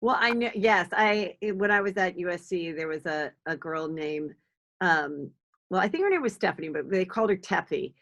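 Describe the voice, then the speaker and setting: A woman's voice: fairly low pitch, expressive, moderate pace, a bit bright. Woman podcast host, forties, gossipy, casual, lots of ums. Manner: chatty, gossipy, with filler ums. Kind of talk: casual interview chat.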